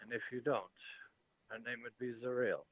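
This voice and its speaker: A man running a tabletop game as game master, speaking calmly and with measured, slightly grand phrasing. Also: mid-range voice, dry recording. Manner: calm, measured, slightly grand in-character speech. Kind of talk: narrating and voicing a tabletop game. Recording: thin phone-like sound, dry.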